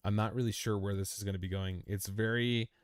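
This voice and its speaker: A young man hosts a crypto livestream, talking casually through price charts in a lowish, fairly even, clean-toned voice at a brisk pace, recorded in a clean studio with no echo. Chatty and repetitive, he addresses the chart as "you" and calls listeners "man", "dude" and "bro".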